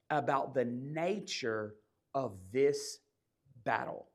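A man preaching a sermon, telling a personal story in a conversational way that swings from hushed asides to loud bursts. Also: medium pitch, sing-song, slow pace. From South Georgia, USA. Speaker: pastor.

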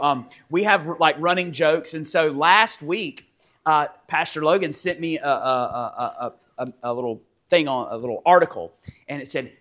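A male pastor preaching a sermon, animated and teaching, with sudden loud emphatic rises and frequent restarts. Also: mid-range voice. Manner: many repeated restarts and fillers. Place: church sanctuary.

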